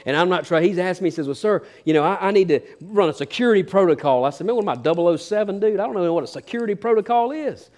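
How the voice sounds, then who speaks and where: A preacher man with a high-pitched voice delivers his sermon dramatically. He acts out the quotes and drops from loud declarations to hushed asides. Between points he slips into folksy storytelling. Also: lively intonation, fast, hardly any pauses.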